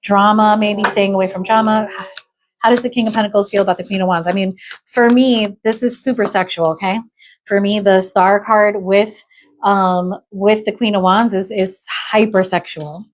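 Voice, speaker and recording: A woman's voice: mid-range voice, steady tone, normal speed, slight background noise. A woman reading tarot cards aloud in a loose, chatty flow. She breaks in with exclamations and keeps asking "okay?" as she explains each card. She sounds a little under the weather. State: unwell. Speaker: tarot reader.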